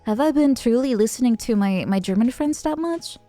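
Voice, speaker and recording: A young adult woman streamer chatting casually with viewers, rambling and halting, with a giggly manner. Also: fairly high pitch, expressive, mellow, no echo, faint music behind. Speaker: VTuber streamer. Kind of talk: casual chat answering viewer messages.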